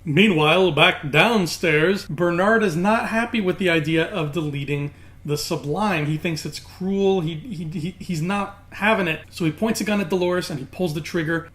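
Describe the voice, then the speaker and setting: A young man giving a casual, animated recap and analysis of a TV episode, chatty and full of fillers. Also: fairly high pitch. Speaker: TV show reviewer.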